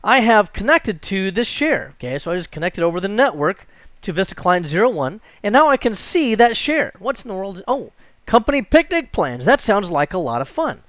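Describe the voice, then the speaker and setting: A man teaching a screen-recorded software tutorial, chatty and jokey, thinking aloud as he clicks through. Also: sits high, sing-song, moderate pace, no echo. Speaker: computer instructor.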